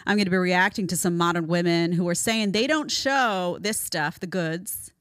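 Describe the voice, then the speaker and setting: A woman host delivers reaction commentary in a fairly low voice, pressing her points and repeating phrases for weight. The sound is close and dry, with no room around it. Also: normal speed, fairly bright tone, dry recording. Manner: emphatic, repeats phrases for stress. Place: studio in Florida.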